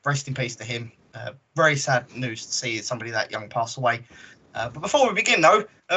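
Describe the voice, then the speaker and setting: A man hosting a casual gaming podcast, talking in a relaxed way with many fillers. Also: medium pitch, brisk. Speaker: podcast host. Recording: dull lo-fi audio.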